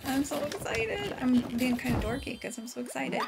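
A woman hosting a let's play, chatting to her viewers in an excitable, bubbly way. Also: sits high, normal speed, gravelly, few pauses, music in the background. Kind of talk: cheerful gameplay commentary.

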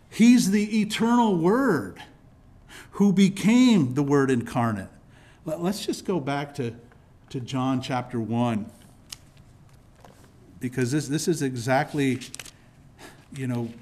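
Man preaching with halting restarts. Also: fairly high pitch, a little mellow. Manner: teaching with frequent restarts and repeated words. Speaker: pastor. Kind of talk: sermon. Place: church sanctuary.

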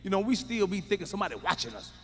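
A middle-aged man doing a loud, profane, emphatic stand-up routine, recorded live. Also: high voice, very animated, rapid-fire, big-room sound, a little hiss or hum. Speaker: stand-up comedian.

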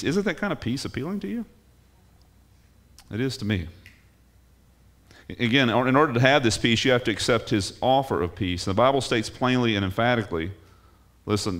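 A man's voice: on the low side, fairly bright tone. Man preaching an emphatic sermon. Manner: emphatic, rising on key phrases, restarts words. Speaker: pastor. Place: church.

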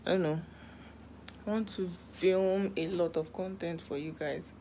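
A woman's voice: on the low side, steady tone, unhurried, warm tone, a little hiss or hum. A Nigerian woman chatting casually in a home vlog from her bedroom, full of dramatic asides and sometimes dropping to a whisper. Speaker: vlogger.

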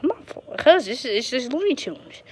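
A woman's voice: sits high, big pitch swings, fairly quick. A woman playing with plush toys on camera in a bossy, mock-stern way. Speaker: toy video maker. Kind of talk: casual play with plush toys. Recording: noisy home recording.

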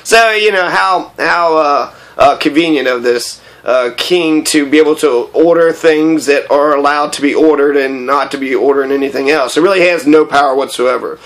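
Man reading a kids' book with chatty asides, somewhat high voice, loose and meandering. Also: normal speed, hardly any pauses, fairly bright tone, rough recording. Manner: rambling, opinionated asides with many fillers. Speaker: reader and commentator. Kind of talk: reading aloud with commentary.

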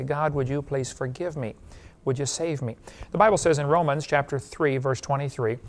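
A male evangelist with a medium-pitched voice preaches a sermon as an animated storyteller, laughing at his own jokes and appealing directly to the listener.

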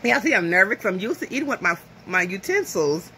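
A woman's voice: medium pitch, sing-song, fast talker, sharp tone, slight background noise. A woman from the American South chatting casually to camera over lunch at home, rambling and nervous. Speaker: vlogger. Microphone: phone camera.

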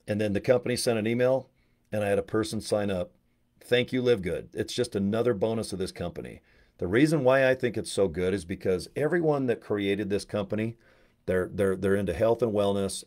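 A middle-aged man making a casual, profane, excitable pitch to camera, swinging between loud bursts and low asides. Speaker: network marketing promoter.

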